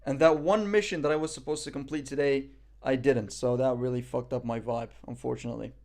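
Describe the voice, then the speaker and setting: A man's voice: medium pitch, fairly even intonation, brisk, darkish tone. A young man from Morocco chatting casually on a live stream, reading the chat and making self-mocking jokes. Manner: joking, self-mocking banter.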